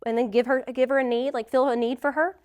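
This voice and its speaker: A woman with a fairly high voice leads a class on healing. She talks straight to her listeners, earnest and direct, and weaves in her own stories as she teaches. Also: fairly even intonation, fast talker, a little mellow. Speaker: class leader speaking to a group. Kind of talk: heartfelt teaching talk.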